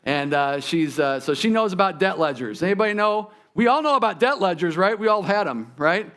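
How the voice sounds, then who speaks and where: A man's voice: high-pitched, lively intonation, brisk, a bit bright. Conversational man preaching a sermon. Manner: conversational preaching with asides to the congregation. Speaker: pastor. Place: church sanctuary.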